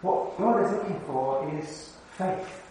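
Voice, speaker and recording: High-voiced male preacher in echoey church. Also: expressive, slow pace, warm tone, slight background noise. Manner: conversational, asks the congregation questions. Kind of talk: sermon. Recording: very echoey hall, mic far off.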